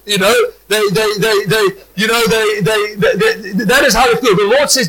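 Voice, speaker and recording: A man delivers a sermon in a high, bright voice. He talks in animated bursts and often restarts his sentences. At times he rises to shouts. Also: moderate pace, slightly rough, rough recording. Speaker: preacher.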